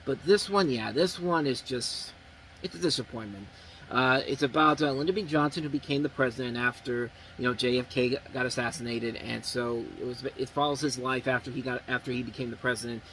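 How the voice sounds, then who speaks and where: A man's voice: medium pitch, fairly quick, a bit bright, a little hiss or hum, low-quality recording. A man reviewing movies in casual talk, blunt and rambling with many restarts.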